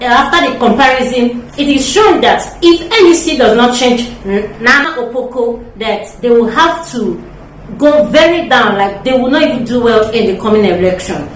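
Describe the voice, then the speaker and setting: A woman summarizes a news item, hesitating and hunting for words. Her voice sits a little high and comes from away from the mic in an echoey room with faint noise behind. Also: distant mic.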